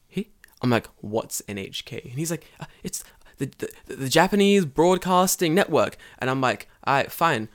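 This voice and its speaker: A man's voice: mid-range voice, a bit bright. Profane man telling a story. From England. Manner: profane, storytelling, acts out quoted voices. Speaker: podcast co-host. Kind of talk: casual chat.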